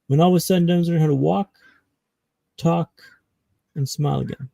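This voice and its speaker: A man from Canada, a podcast guest, telling his own story with dramatic pauses. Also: fairly high pitch, steady tone, creaky, dark tone, no room sound, rough recording. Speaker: guest speaker.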